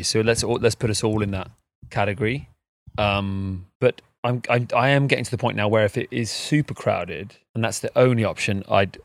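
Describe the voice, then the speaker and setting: Animated, rambling male podcast co-host. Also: fairly low pitch, no room sound. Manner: animated, rambling, swears casually. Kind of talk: casual podcast chat.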